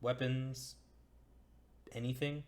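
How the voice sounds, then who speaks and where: A game master voicing a brisk, no-nonsense female hippogriff handler giving matter-of-fact instructions. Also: medium pitch, little pitch movement, darkish tone, lightly acted.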